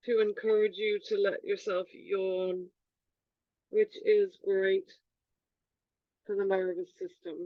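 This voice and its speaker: A woman yoga teacher gently guiding a slow movement class in a room with a wooden floor. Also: medium pitch, level tone, no room sound, muffled recording.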